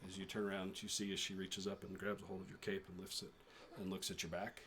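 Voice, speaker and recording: A man narrating as game master of a tabletop role-playing game, describing scenes in a halting way with fillers. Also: low-pitched, level tone, a bit bright, slight background noise.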